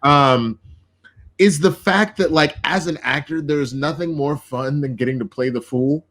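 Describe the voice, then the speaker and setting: A man co-hosting a casual TV review chat, excited, swearing often and acting out lines. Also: fairly high pitch, measured pace. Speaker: co-host.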